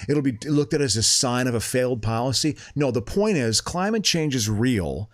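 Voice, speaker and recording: A man's voice: mid-range voice, moderate pace. Rambling, restart-prone podcast man. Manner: rambling, animated, swears freely, many restarts. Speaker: podcast co-host. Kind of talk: casual podcast chat.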